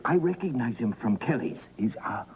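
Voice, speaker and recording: A man's voice: medium pitch, very animated, moderate pace, background noise, natural voice. An actor playing a flustered, stammering man in a soap opera.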